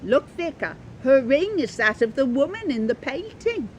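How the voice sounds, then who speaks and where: A woman's voice: sits high, very animated, normal speed, a little hiss or hum, pitched above the performer's own voice. A woman voicing a tiny, toothless old woman organist, who talks in eager, startled bursts. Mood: excited.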